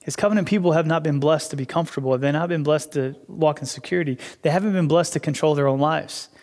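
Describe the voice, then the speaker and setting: A man's voice: on the high side, fast talker, darkish tone. A young adult male pastor preaching a casual, conversational sermon, acting out inner dialogues with God, in a church hall.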